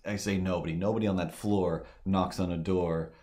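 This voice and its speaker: A man's voice: low voice, steady tone, normal speed, mellow. A man chatting loosely on a live stream, telling rambling stories full of fillers and restarts. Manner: meandering, filler-heavy storytelling.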